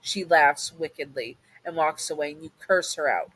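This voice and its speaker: A woman's voice: sits low, moderate pace, fairly bright tone, breathy edge, low-quality recording. A woman narrating a listener role-play story in a casual, chatty way, sometimes correcting herself. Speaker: narrator and channel host.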